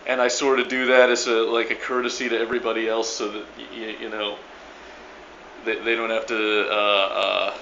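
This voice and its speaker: A man's voice: on the low side, flat delivery, moderate pace, bright, forceful tone, highs cut off, a little hiss or hum. A man from New Orleans with a local accent, recording an emphatic, stammering video reply and swearing casually. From New Orleans area. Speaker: video blogger.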